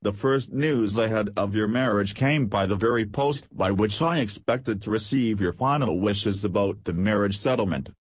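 A man voicing a stern, fair-minded young army officer who speaks gravely and soberly in a storybook reading. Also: lowish voice, normal speed, hardly any pauses, no room sound.

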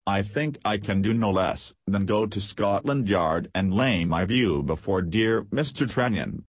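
A man's voice: fairly low pitch, lively intonation, measured pace, husky, no echo. Scheming aristocratic lady, light and insinuating, voiced by a man, dry close sound. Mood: silky. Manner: light, falsely sweet and insinuating.

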